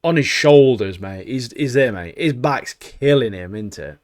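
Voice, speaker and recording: A man co-hosting a podcast, chatting casually and excitably, laughing often and using lots of slang. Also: medium pitch, unhurried, dry recording, clean studio sound. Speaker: podcast co-host. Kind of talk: casual chat.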